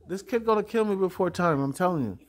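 A man's voice: high-pitched, lively intonation, fast talker. An older man in a casual home vlog, talking in a rambling way with lots of "you know" fillers. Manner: rambling, with frequent fillers and tags. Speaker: vlogger.

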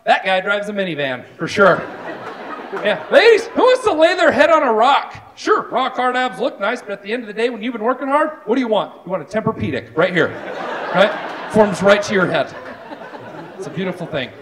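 Male stand-up comic, animated and self-mocking, live-show sound with a roaring audience. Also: high-pitched, a little fast, noisy background. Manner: animated, self-deprecating, lots of asides. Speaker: stand-up comedian. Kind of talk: stand-up comedy. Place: live venue with stage. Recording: live show with loud crowd. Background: audience laughing.

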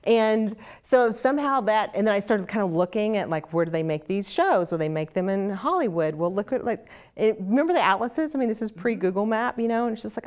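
A middle-aged woman from Oklahoma with a Southern Oklahoma accent, telling stories in a casual interview, animated and chatty with many restarts. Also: medium pitch, a little fast. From Oklahoma, USA. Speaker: interview guest, actress.

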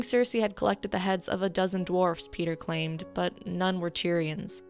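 A woman narrating a fantasy novel chapter in a steady storytelling voice. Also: lowish voice, moderate pace, hardly any pauses, faint music behind. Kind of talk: audiobook reading.

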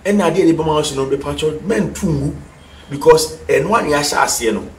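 A man's voice: a little high, moderate pace, far from the mic, slight background noise. Ghanaian man teaching piano, roomy sound. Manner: repeats key terms and quizzes the viewer. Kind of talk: TV music lesson, mixing English and Twi. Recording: echoey room, voice from off the mic. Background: piano notes.

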